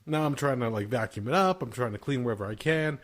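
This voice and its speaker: Quick-paced and medium in pitch, a man in his thirties hosts a podcast. He trades casual stories, laughing through them and swearing without restraint.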